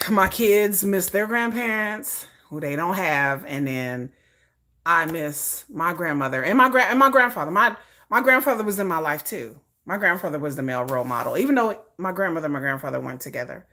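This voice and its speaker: A woman live-streaming to her viewers, telling family stories in a casual, animated way. Her voice sits a little low but sounds bright and forward, and her pitch swings widely. She laughs often and restarts phrases as she goes. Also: a little fast.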